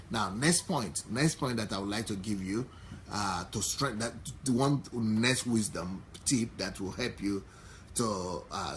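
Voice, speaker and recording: Earnest low-voiced man giving marriage advice. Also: slight background noise. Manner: earnest, repeats and rephrases key points with many fillers. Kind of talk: instructive advice talk to wives.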